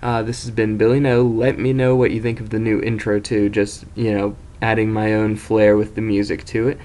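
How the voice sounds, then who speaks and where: A man's voice: on the low side, completely flat delivery, moderate pace, mellow. A young man casually telling an embarrassing story as host of his own video series, rambling, self-mocking and swearing freely.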